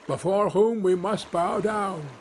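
A man's voice: high-pitched, takes it slowly, slight background noise, voice pushed up. A man voicing a knowing, cautious male wolf in a storybook fable. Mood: cautioning.

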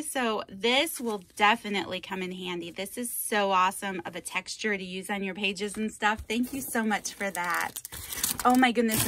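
On her laid-back craft vlog, a woman unboxes supplies a viewer sent and can't stop thanking them, effusive and gushing throughout. She speaks at a medium pitch with a sharp tone.

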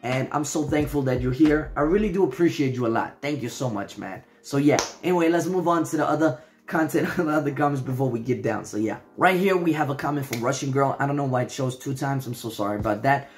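A man's voice: mid-range voice, fast talker, hardly any pauses, slight background noise. A man from Denmark with an American-sounding accent, hosting his own channel and chatting casually as he reads viewer comments, earnest and affectionate, often falling back on "so, yeah". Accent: American-sounding English. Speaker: channel host.

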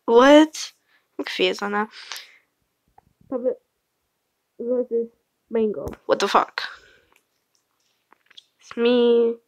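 This channel host reacts to fan art in a laid-back screen-recorded vlog, speaking slowly with frequent pauses in a slightly high voice. She sounds exasperated, cursing and laughing, and the phone recording has no echo.

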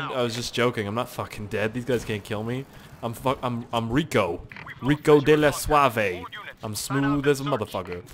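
Over a noisy background, a medium-pitched young man from Canada rambles through relaxed gameplay commentary for his YouTube channel. He curses frequently and keeps yelping and shouting at the game.

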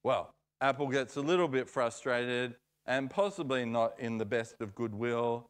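A man preaching in church, telling a story in an unhurried, playful way. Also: medium pitch, clean tone. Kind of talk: storytelling sermon.

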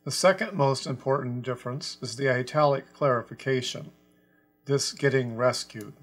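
A man of middle pitch gives a scripture lesson in a deliberate, measured way. He leans on single quoted words as he explains them. Soft music plays faintly underneath. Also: breathy edge. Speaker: Bible teacher.

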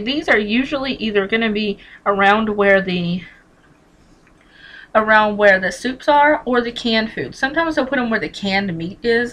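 Brassy woman vlogger, bright forceful voice, blunt and chatty, swears casually, repeats key points. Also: mid-range voice, poor audio. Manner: emphatic repetition, talks straight to viewer. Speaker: vlogger teaching couponing. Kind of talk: casual how-to vlog.

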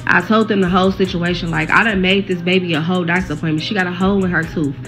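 A woman in her 20s, a social media creator caring for a neighbor's child, talks bluntly and heatedly to her viewers in a casual vlog update, swearing freely. Her voice is fairly low with fairly even intonation and a quick pace, and music plays in the background.

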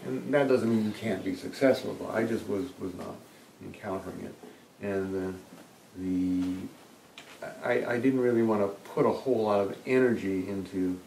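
Older man, low mellow voice, hesitant and soft-spoken, roomy distant recording. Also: normal speed, vocal fry, slight background noise. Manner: soft-spoken, hesitant, repeats words when starting. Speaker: interviewee, retiring bassist. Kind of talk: relaxed interview conversation. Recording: roomy sound from a distant mic.

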